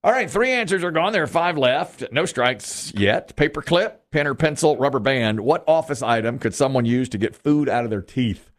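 A male game show host calls out answers and chats with the contestants. His delivery is upbeat, and his pitch swings widely. He has a medium-pitched voice. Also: expressive, moderate pace. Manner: upbeat, chatty, reads clues aloud.

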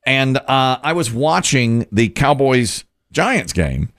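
Lively storytelling man, gravelly, dry sound. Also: mid-range voice, slow pace, no room sound. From North Carolina. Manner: animated, acts out quotes of others. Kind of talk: casual storytelling chat.

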